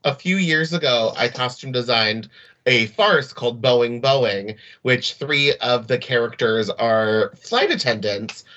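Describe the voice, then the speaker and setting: A man co-hosting a film podcast, chatting casually with quick asides and laughs. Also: medium pitch, bright, forceful tone, lo-fi sound. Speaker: podcast co-host. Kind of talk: casual chat. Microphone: podcast mic, also on video.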